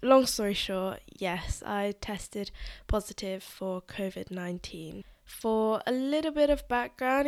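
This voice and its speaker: A woman's voice: mid-range voice, takes it slowly. Woman podcaster, blocked-up nose, nasal, rambly casual chat. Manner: chatty, uses filler "like" often. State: congested, nasal voice from illness. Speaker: podcast host.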